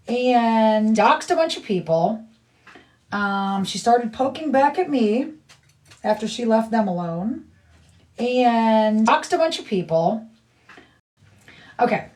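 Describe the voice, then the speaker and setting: A woman's voice: medium pitch, a little mellow, distant mic. A middle-aged woman livestreaming, chatting casually in a blunt, rambling way and repeating herself.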